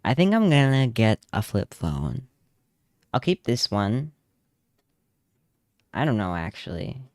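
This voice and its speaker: A man's voice: medium pitch, big pitch swings, takes it slowly, a little mellow, dry recording. A young man streaming as a vtuber, chatting casually and telling rambling, self-amused stories while he draws at home on a close desk mic. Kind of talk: casual chat while drawing.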